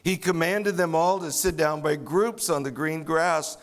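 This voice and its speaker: A man's voice: a little high, unhurried. A man preaching a sermon as pastor, explaining scripture verse by verse and acting out the disciples' sarcastic replies. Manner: expository preaching, acts out sarcastic voices of the disciples.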